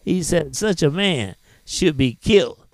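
A man's voice: a little high, animated, measured pace, no room sound. A man preaching a sermon as pastor, peppering his telling with amens and hallelujahs and rising into dramatic cries.

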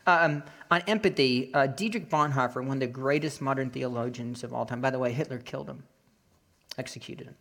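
A male pastor delivering a sermon, telling a personal story with animated acted-out voices. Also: medium pitch, brisk, creaky. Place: Florida.

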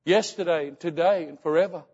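A man voicing an elderly grieving mother who praises God loudly and repeats her questions insistently. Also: a little high, normal speed, breathy edge, big-room sound, lo-fi sound, voice pushed up. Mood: fervent.

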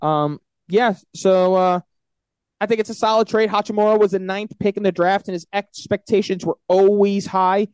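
High-voiced man in profane sports banter. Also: steady tone, normal speed, a little mellow, clear, resonant tone, dry recording. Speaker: sports podcast co-host. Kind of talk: casual sports chat.

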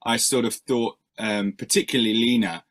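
A man's voice: mid-range voice, steady tone, moderate pace, fairly bright tone. A male musician answering interview questions in a rambling, self-deprecating way, with many fillers and restarts.

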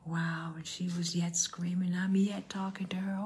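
An older woman pastor delivers an animated storytelling sermon in a church. Her voice is deeply husky and breathy and sits slightly low. She acts out the people in her story as she goes. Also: moderate pace, few pauses.

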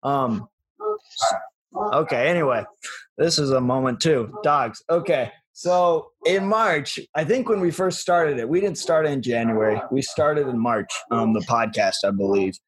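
A man's voice: medium pitch, a little slow, crowd noise. A young man co-hosting a casual podcast, telling a story with hesitations, restarts and frequent laughter. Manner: hesitant, self-correcting, laughs often. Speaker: podcast co-host. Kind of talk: casual chat.

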